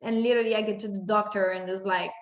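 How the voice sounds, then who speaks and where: Animated woman telling a story, roomy echo. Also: mid-range voice, quick pace, lo-fi sound. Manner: animated, acts out her own reactions, many fillers. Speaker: spiritual content creator. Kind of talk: personal storytelling monologue. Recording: echoey room.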